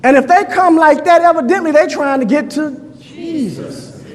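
A man preaching a fervent sermon to his congregation, calling out to them and often shouting. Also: very high-pitched, moderate pace, in a large hall. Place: church hall.

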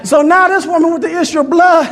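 A man preaching a fervent sermon to his congregation, calling out to them and often shouting. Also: very high voice, fairly even intonation, quick pace, big-room sound. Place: church hall.

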